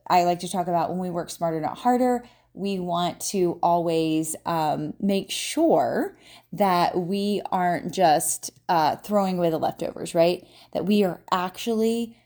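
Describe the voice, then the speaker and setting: A woman's voice: on the low side, unhurried, dark tone. A woman hosting a solo podcast, talking casually with lots of fillers and "right?" tag questions. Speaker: podcast host, marketer and business owner.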